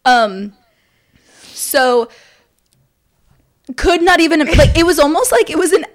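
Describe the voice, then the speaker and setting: A young woman co-hosting a casual podcast, telling an excited story fast with lots of fillers. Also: high voice. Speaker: podcast co-host. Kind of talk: casual chat.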